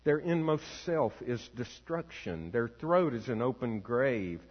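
A man, a pastor, reading scripture aloud and leading prayer in a slow, measured, solemn way. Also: medium pitch, very animated. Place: church sanctuary. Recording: long reverb, dull lo-fi sound.

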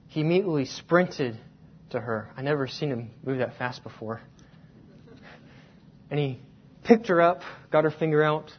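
A man preaching a sermon, telling a personal story and slowing down to stress key words. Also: fairly high pitch, breathy edge. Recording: dull lo-fi sound.

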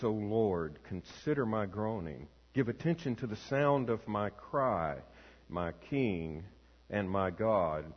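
Slow, solemn pastor in a reverberant church. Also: male voice, lowish voice. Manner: slow, measured, solemn reading. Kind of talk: sermon scripture reading and prayer. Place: church sanctuary. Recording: long reverb, dull lo-fi sound.

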